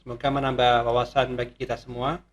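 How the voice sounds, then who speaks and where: Male tech-channel host, casual commentary, easygoing, mid pitch. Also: racing. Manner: relaxed, chuckling, hesitant fillers.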